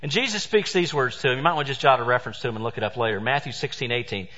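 A man preaching a sermon as pastor, stressing points loudly and then dropping to hushed asides. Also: medium pitch, racing. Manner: emphatic preaching, swings between loud stresses and hushed asides. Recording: dull sound with long hall reverb.

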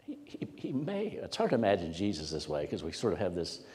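A man's voice: deep voice, huge pitch swings, brisk, darkish tone. A man preaching a sermon to a congregation, in an emphatic storytelling way that repeats words for weight. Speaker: pastor. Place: church sanctuary with congregation. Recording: long church hall reverb.

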